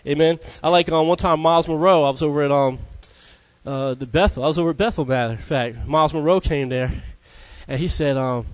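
A man's voice: on the high side, a little fast. A man preaching a conversational sermon who keeps calling out "Amen?" to his listeners. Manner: conversational, calls out Amen to the congregation.

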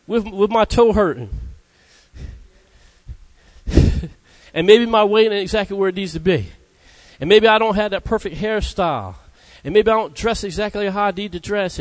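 High-voiced man preaching conversationally. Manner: conversational, calls out Amen to the congregation. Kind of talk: sermon.

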